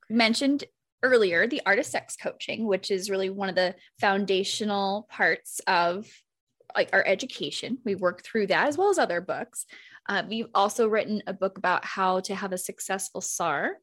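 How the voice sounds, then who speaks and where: A woman's voice: mid-range voice, normal speed, a bit bright. Woman interviewer, attentive and affirming. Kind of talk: casual interview.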